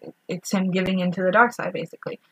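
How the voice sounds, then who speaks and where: A woman's voice: on the low side, steady tone, fast talker, fairly bright tone, husky, no echo. A woman co-hosting a podcast, chatting casually about a film rewatch, swearing freely and laughing often. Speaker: podcast co-host.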